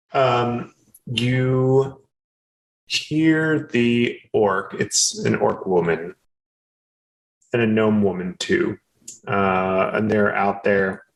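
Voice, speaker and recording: A man runs a tabletop game in a gravelly voice, narrating scenes and calling for rolls. He halts often and fills the pauses with ums and uhs. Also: fairly low pitch, rough recording. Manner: halting, filler-heavy narration. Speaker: game master.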